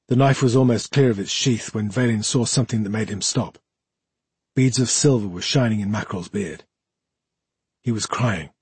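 A man narrating an audiobook in a measured, steady storytelling manner. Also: fairly low pitch, husky, dry recording.

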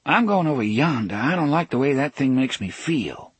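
A man reading an audiobook, voicing a blunt, independent woman who speaks briskly and plainly. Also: medium pitch, animated, husky, no echo, pitched above the performer's own voice. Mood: wary.

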